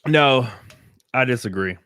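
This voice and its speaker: A man's voice: medium pitch, animated, measured pace, sharp tone, clear, resonant tone, dry recording, studio quality. A young man, chatting live on a stream and reading viewer comments in a blunt, profane, rambling way full of fillers. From American South.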